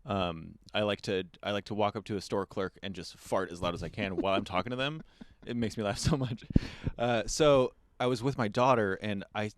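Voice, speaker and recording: A man hosting a casual podcast interview, talking in a relaxed, meandering way as he tells stories and asks questions. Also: fairly low pitch, a little fast. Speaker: podcast host.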